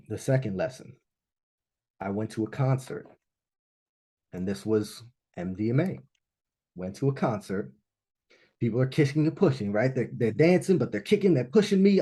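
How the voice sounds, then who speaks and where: He has a warm, mellow, medium-pitched voice and speaks at normal speed with frequent pauses, sharing a personal story at a launch event. Animated, he often asks "right?", moving from hushed reflection into excited emphasis.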